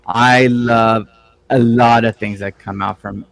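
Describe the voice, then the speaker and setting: A man's voice: medium pitch, fairly even intonation, takes it slowly, vocal fry, fairly bright tone, no room sound, rough recording. A man in a casual group chat, chatty and self-deprecating.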